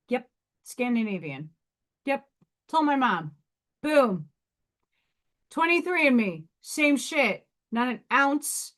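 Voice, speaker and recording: A woman in her thirties with a high, slightly bright voice hosts a casual livestream. She chats bluntly and reads rune meanings aloud, swearing and tossing in laughing asides.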